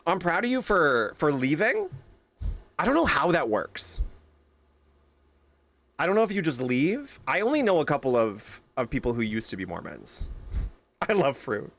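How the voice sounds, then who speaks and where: A young man streaming, chatting casually with his viewers, telling animated stories and greeting them by name. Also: fairly high pitch.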